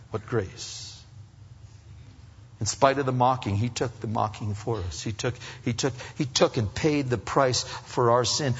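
A man preaching a sermon with emphatic swings between loud rising appeals and hushed earnest passages. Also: mid-range voice, slight background noise. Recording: dull recording in a reverberant hall.

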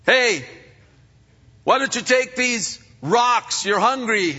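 A cunning, needling devil with a high, sharp edge, done by a preaching man. He coaxes with leading questions, and the sound is dull and washed in long reverb from a big hall. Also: lively intonation, slow, breathy edge, heavily acted. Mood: coaxing. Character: the devil, sly male tempter, wheedling and mocking.

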